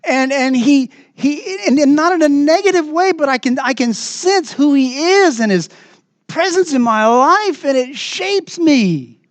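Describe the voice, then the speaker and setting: A man preaching a sermon as pastor in a church, earnest and emphatic, moving between raised passages and hushed asides. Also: very high voice, expressive, a little slow, no echo.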